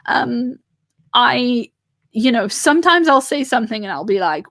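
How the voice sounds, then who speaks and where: A woman's voice: on the high side, lively intonation, normal speed, fairly bright tone, no echo, soft background music. A woman with a French accent, a native French speaker, hosting a livestream in a rambling, casual chat full of fillers and restarts, talking from home on a webcam. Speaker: livestream host.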